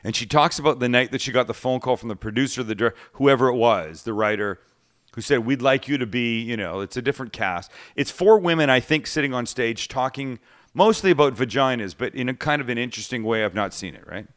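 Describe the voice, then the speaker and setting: A man hosting a cooking show, chatting casually at a middle pitch. He tells stories with energy and acts out the people he quotes as he goes. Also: a little fast. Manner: animated storyteller acting out quotes. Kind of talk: casual storytelling chat.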